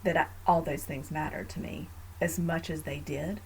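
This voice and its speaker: A woman's voice: deep voice, steady tone, moderate pace, vocal fry, a loud crowd, poor audio. Earnest woman podcast host on faith. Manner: earnest, reflective, with frequent fillers.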